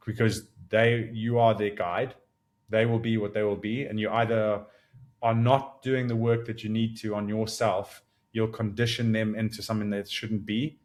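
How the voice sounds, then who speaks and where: A man in his thirties hosting a solo reflective podcast, talking earnestly and thinking out loud, with frequent restarts and bursts of rising excitement. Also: fairly low pitch. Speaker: podcast host.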